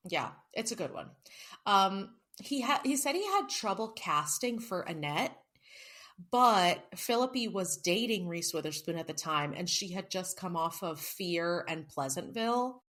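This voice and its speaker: A woman's voice: fairly low pitch, expressive, unhurried, fairly bright tone. A woman co-hosting a casual book podcast, chatty and self-mocking, swearing now and then. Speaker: podcast co-host. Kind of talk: casual chat.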